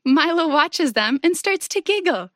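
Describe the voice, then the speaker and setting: A woman reading a children's story aloud in a gentle, sing-song way, speaking to young listeners. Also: high voice, animated, a little slow, no room sound, studio quality.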